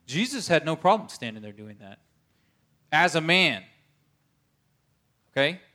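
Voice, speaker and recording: A man's voice: on the high side, big pitch swings, measured pace, bright, forceful tone. A man preaching a conversational sermon, earnest, often checking in with his listeners.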